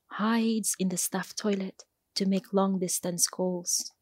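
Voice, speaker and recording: A woman poet speaks in an unhurried, deliberate cadence, letting each phrase settle before the next. Her voice sits in an ordinary middle register. The recording is close and dry, with no room sound. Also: mid-range voice, a little mellow, dry recording. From Philippines. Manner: slow, measured, deliberate delivery. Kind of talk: poetry reading and interview answers.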